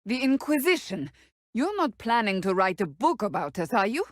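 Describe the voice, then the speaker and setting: A woman's voice: on the high side, very animated, normal speed, no room sound, studio quality. An actress playing a stern, blunt female warrior in curt, formal video game companion dialogue. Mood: questioning.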